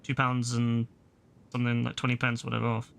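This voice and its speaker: A man streaming a game live, chatting to his viewers in an excitable, slangy way and swearing casually. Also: medium pitch, brisk, creaky.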